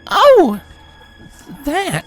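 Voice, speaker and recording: A man voicing an eager, bookish adult female pony princess who talks in an excitable, chirpy way. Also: very high-pitched, drawn-out words, soft background music, pitched above the performer's own voice, exaggerated voice. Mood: sheepish.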